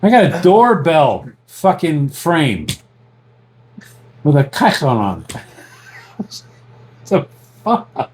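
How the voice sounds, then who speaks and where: Loud, profane podcast host, high voice with big swings, laughs mid-story. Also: male voice, huge pitch swings, takes it slowly, pauses often, slight background noise. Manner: profane, laughing, mimics others in quotes. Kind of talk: crude casual storytelling.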